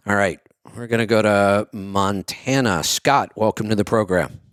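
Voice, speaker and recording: A man's voice: fairly low pitch, measured pace, a bit bright, no echo, studio quality. Chatty man hosting a call-in show. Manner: chatty, retells stories with acted quotes. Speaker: radio show host. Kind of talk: call-in health advice.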